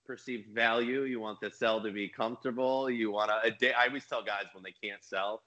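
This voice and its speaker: A man, a business coach and mentor, talking in a casual podcast conversation with an energetic, emphatic manner. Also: fairly low pitch, a little fast, muffled recording.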